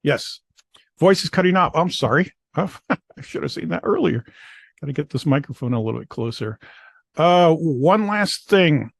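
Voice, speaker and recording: A man giving a program presentation, speaking in a halting way with frequent filler pauses. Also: on the high side, expressive, creaky, no room sound, clean studio sound. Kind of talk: conference presentation.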